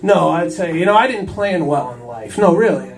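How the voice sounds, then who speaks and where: A man's voice: fairly high pitch, animated, normal speed. A man in his fifties doing a stand-up routine on a small cafe stage, forever saying "I'll tell you" between jokes. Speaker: stand-up comedian. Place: small cafe stage before a live audience. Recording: voice from far off in a cafe.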